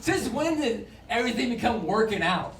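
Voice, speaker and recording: A man in his forties doing a stand-up set, jumping into quick character voices as he talks. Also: very high voice, very animated. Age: 40s. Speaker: stand-up comedian. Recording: roomy club sound from a distant mic, loud crowd noise.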